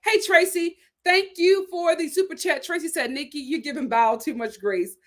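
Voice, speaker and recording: A young woman with a light Philadelphia accent and a high-sitting voice hosts a casual live-stream chat reviewing a reality show. She speaks at normal speed in an animated way, often tossing in "right?" asides.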